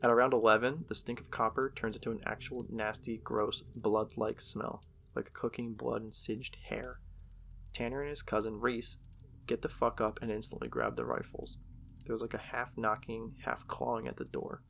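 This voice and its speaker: A man's voice: mid-range voice, normal speed, creaky, fairly bright tone, a little hiss or hum. A man casually narrating a horror story in a profane, conversational way.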